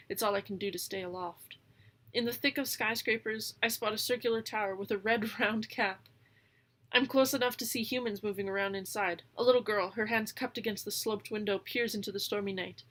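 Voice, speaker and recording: Female reader, lively first-person storybook narration, occasional amused asides. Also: mid-range voice, brisk. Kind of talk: audiobook narration.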